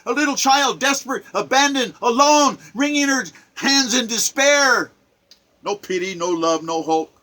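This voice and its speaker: A man giving an impassioned, preachy monologue, repeating phrases, swelling loud and then dropping to near quiet. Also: very high-pitched, expressive, unhurried. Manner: emotional, preachy, repetitive, with sudden swells and drops. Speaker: online commentator.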